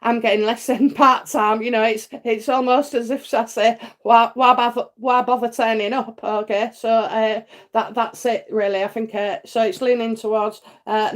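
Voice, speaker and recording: A woman hosting a live psychic reading stream, chatty and reassuring, with many fillers and frequent "okay?" checks. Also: a little high. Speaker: psychic host answering viewer questions.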